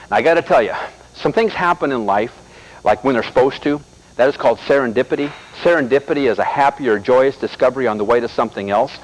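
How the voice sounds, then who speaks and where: A middle-aged American man delivers a motivational seminar at a brisk, rapid clip. His voice sits at an ordinary middle pitch, and he tells animated stories while calling out directly to the crowd in front of him. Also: low-quality recording. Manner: animated storyteller addressing the audience directly. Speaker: seminar speaker.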